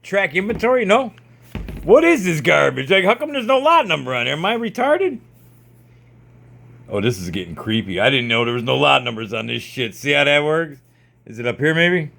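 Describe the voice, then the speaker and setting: A man's voice: medium pitch, gravelly, a bit bright. A man vlogging at home, ranting sarcastically and swearing as he checks jars in his storage. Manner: keeps repeating "see how that works".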